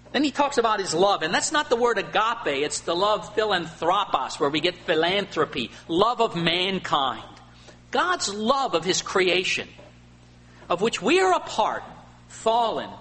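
A male pastor preaching a sermon, swinging between loud emphatic lines and quiet asides. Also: a little high. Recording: faint hum and long hall reverb.

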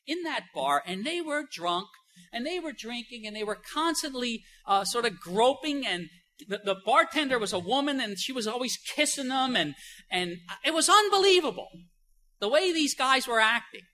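Male pastor, sermon delivery, bright edgy tone, emphatic, talky with "you know" fillers. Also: very high-pitched, sing-song, normal speed, low-quality recording. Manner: swings between soft and loud emphasis.

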